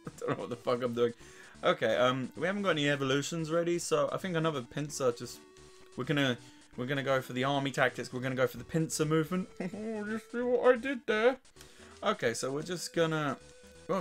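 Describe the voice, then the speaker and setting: An English let's play host with a weak, worn voice talks through a video game loosely, swearing, chuckling, and trash-talking his opponents. His pitch is in a normal middle range, he speaks a little fast, and soft music plays faintly behind him.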